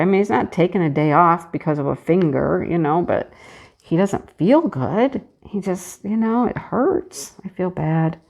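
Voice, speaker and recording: A woman's voice: medium pitch, creaky, darkish tone. A middle-aged woman chatting casually while she works on a craft, telling a story in a chatty, sympathetic way and quoting what others said. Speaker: crafting channel host.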